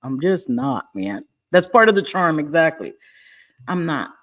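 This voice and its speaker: A woman's voice: low-pitched, big pitch swings, a little slow. A middle-aged woman hosting a casual live stream from home, talking bluntly with lots of swearing and frequent laughter. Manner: blunt, profane and laughing often. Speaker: livestream host.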